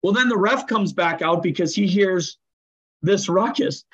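High-voiced man telling hockey stories, muffled. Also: unhurried, breathy edge. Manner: animated, acts out voices while telling stories. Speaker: hockey coach and general manager, guest. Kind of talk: conversational interview storytelling.

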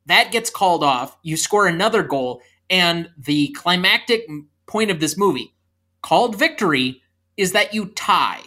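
Podcast co-host, casual movie review chat, bright tone, sarcastic, dismissive. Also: medium pitch, lively intonation, a little slow.

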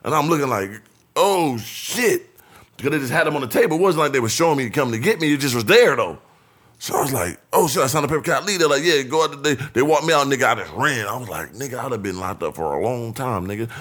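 A man's voice: mid-range voice, expressive, fast talker, fairly bright tone. A young man telling a story in casual, profane chat, acting out other people's voices and laughing often.

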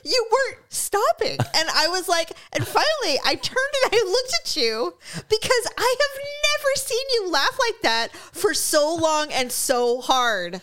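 A woman in her fifties chatting casually, animated and laughing often as she tells a story. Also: very high voice, measured pace, slight background noise. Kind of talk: casual chat.

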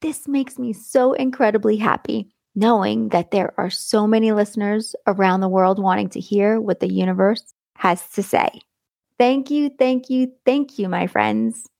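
Gushing, gravelly-edged woman podcast host. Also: medium pitch, a little slow, a little mellow, no echo, studio quality. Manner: enthusiastic and affectionate, stretching words for emphasis. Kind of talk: warm motivational podcast monologue.

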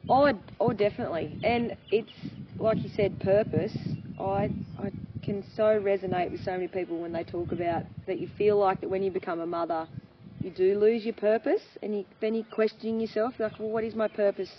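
A woman, a farmer and mother speaking candidly as an interview guest, animated and laughing often as she acts out quoted voices. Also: mid-range voice, brisk. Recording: dull lo-fi sound with faint noise.

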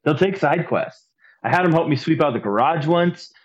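A man's voice: on the high side, animated, normal speed. Rambling man, slightly dull recording. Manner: rambling, hesitant, with many fillers. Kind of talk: casual chat.

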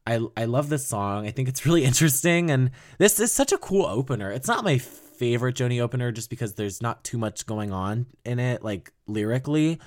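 A young podcast host with a mid-range, animated voice talks briskly with hardly any pauses. He rambles casually about an album he loves, laughing a lot and swearing now and then.

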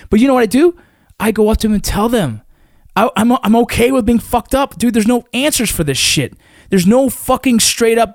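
A man's voice: high voice, sing-song, quick pace, no echo, studio quality. A man in his thirties or forties, a military veteran guest talking in a blunt, profane, emphatic way in casual conversation.

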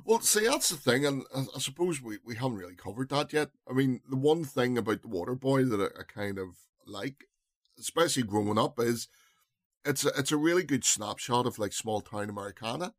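A man's voice: medium pitch, animated, brisk, dry recording, clean studio sound. A man co-hosting a casual film review chat, rambling and often stopping to search for words. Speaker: podcast co-host.

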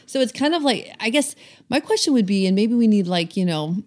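A woman's voice: a little high, expressive, fairly quick, a little mellow. A woman co-hosting a casual podcast chat, thinking aloud with hesitant restarts about parenting.

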